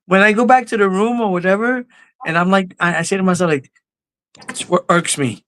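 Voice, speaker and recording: A man with a high voice, speaking as a guest on a podcast. He tells his stories with animation, voicing the people involved and repeating words as he goes. The sound is close and dry, with no room tone. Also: brisk, no room sound. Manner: animated, acts out quotes, many restarts. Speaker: guest artist. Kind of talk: casual storytelling.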